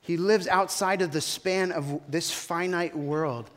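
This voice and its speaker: A male pastor giving a sermon, animated, rising and falling in volume and calling on the congregation to respond. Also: fairly high pitch, slow pace, big-room sound.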